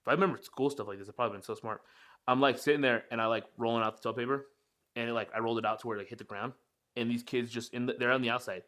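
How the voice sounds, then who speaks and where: Young guy on a podcast talking super fast, cussing, rambling through a story. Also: mid-range voice, fairly even intonation, a bit bright. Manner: rambling storyteller, swears a lot. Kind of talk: casual chat.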